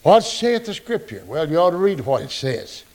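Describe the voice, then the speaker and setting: A male pastor preaching a folksy, joking, animated sermon. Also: a little high, normal speed.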